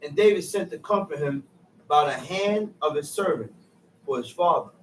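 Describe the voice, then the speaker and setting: A man reading old-fashioned scripture aloud in a steady, formal way. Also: fairly high pitch, moderate pace, a little hiss or hum. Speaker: scripture reader. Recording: echoey room, mic set far off.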